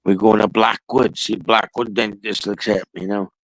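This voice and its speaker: A man's voice: lowish voice, flat delivery, normal speed, a bit bright, no room sound, poor audio. A man telling a rambling, profane story in casual chat.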